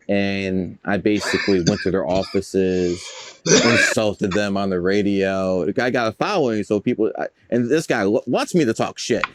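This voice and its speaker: A man telling stories as a guest in a casual interview, boastful, profane and rambling. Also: fairly low pitch. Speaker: guest, numerologist.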